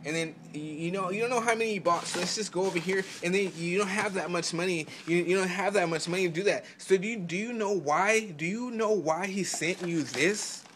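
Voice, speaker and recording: A man with a high-pitched voice delivers a heated, profanity-laced vlog rant. He stammers and restarts his sentences constantly, then bursts into loud, mocking outbursts. A faint hiss sits under the recording. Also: a little fast, hardly any pauses. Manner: swings into loud mock-quoted outbursts. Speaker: vlogger giving selling advice.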